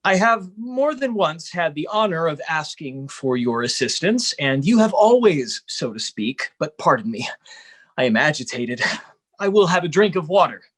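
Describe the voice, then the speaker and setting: A man's voice: on the high side, sing-song, moderate pace, a bit bright. A man playing a jittery, formal suitor. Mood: agitated. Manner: agitated, stammering, throat-clearing, formal. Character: nervous anxious man of thirty-five, suitor. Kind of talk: Zoom play reading. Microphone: computer mic on video call.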